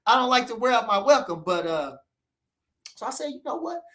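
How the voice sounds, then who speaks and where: Animated man hosting a boxing chat. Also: very high voice, a little fast. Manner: loose, animated, lots of "you know what I'm saying". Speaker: boxing channel host. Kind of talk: casual livestream chat.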